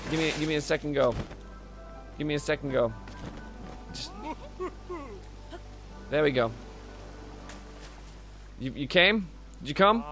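Bright-voiced man swearing through gameplay. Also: a little high. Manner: profane, muttering asides. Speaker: gameplay commentator. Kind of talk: casual let's-play commentary.

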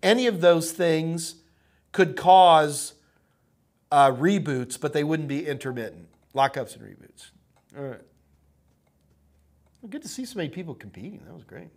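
Coughing and a bit hoarse, a man runs a live tech question-and-answer stream, calling his viewers folks in a chatty, upbeat manner. He speaks a little high and expressively at normal speed, with long pauses.

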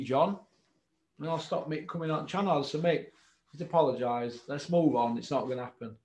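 A man's voice: medium pitch, normal speed, roomy sound. A man with a Yorkshire accent, from Doncaster, hosting a boxing channel and speaking straight to camera in a confrontational, taunting way. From Doncaster, England. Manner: confrontational, taunting, repeats the name he addresses. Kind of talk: direct-to-camera challenge monologue.

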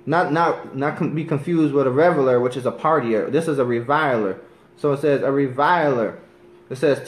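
Earnest preaching man in an echoey room. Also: on the high side. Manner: earnest, reads scripture slowly and deliberately; keeps asking "you understand?". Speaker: bible teacher. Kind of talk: scripture teaching.

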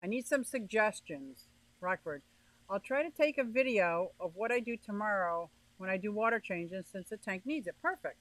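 A woman with a mid-range, slightly bright voice and lively intonation hosts a casual livestream at a moderate pace, greeting viewers by name as she reads their comments. She's from the northeastern United States, and the recording is dry and low quality.

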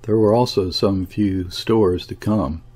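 Guy reading an old novel out loud, low and kinda husky, calm and measured. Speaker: audiobook reader. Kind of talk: scripted narration.

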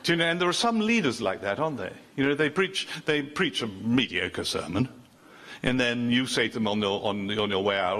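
A man's voice: mid-range voice, animated, fairly quick, pushed and bright. An older man preaching a sermon in a chatty, joking way, often breaking off mid-sentence and teasing the congregation.

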